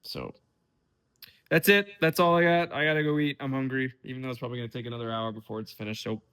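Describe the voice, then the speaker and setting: A man's voice: medium pitch, fairly even intonation, racing, a bit bright, clean tone. A young man rambling unscripted in a casual vlog, frustrated, swearing now and then, often restarting his sentences. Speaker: vlogger.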